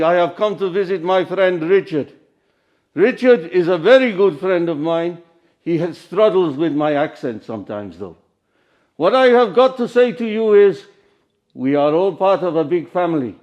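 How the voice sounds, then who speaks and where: A man playing a jolly, grand old Father Christmas, speaking slowly and theatrically. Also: darkish tone, lo-fi sound. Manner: slow, booming, theatrical.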